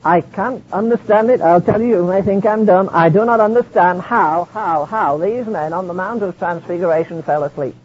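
Man preaching old-time sermon, very high husky voice, muffled old tape sound. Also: moderate pace, few pauses, a little hiss or hum. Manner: preaches with scripture quotes in King James wording. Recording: dull lo-fi archive sermon recording.

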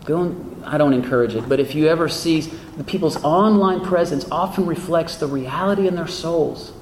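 Male pastor, high voice, earnest sermon delivery, rhetorical questions, long hall reverb. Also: normal speed, slight background noise. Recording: echoey hall with faint ambience.

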